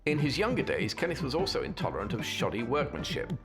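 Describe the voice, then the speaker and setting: A man's voice: on the high side, huge pitch swings, fast, over loud music. A man narrating a documentary in a scripted way, with dry, wry humour.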